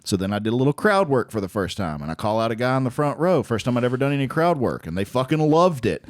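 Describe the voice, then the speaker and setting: Man comedian co-host, laid-back and reflective, mid-pitched everyday voice. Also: big pitch swings, quick pace. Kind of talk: casual chat.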